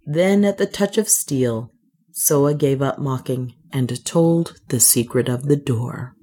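Woman audiobook reader; low, unhurried narration with chatty, enthusiastic asides. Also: dark tone, slightly rough. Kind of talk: reading a classic novel aloud, then casual commentary.

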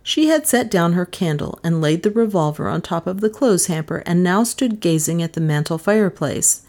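A woman reading a mystery novel aloud, expressive and rising in pitch at tense moments. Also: moderate pace. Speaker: audiobook narrator. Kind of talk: dramatic audiobook narration.

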